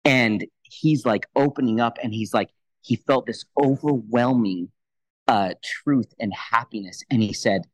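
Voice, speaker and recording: Animated man in his thirties telling a faith story. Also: mid-range voice, no echo, poor audio. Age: 30s. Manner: animated, quick retelling that acts out both sides of a conversation. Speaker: Christian leader, podcast guest. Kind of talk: personal testimony storytelling.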